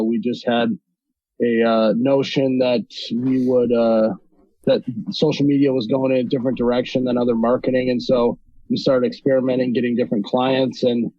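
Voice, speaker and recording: Man from North Dakota, flat steady delivery. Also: mid-range voice, dry recording, muffled recording. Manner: relaxed, with many ums and restarts. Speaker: podcast guest, video creator. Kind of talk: casual interview talk.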